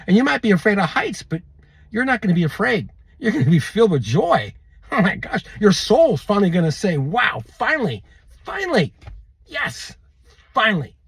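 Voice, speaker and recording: A man's voice: high voice, very animated, a little fast, creaky, slightly rough, no echo. A man hosting a prophecy video, preaching to camera with exuberance, calling out to viewers and laughing often. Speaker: end-times prophecy video host.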